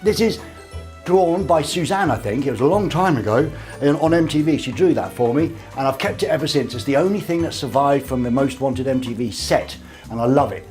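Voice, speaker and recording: A man's voice: mid-range voice, lively intonation, fairly quick, darkish tone, soft background music. A man hosting a casual live show from a small studio, reading out viewer comments with cheeky, rambling jokes. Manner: jokey, rambling, cheeky asides.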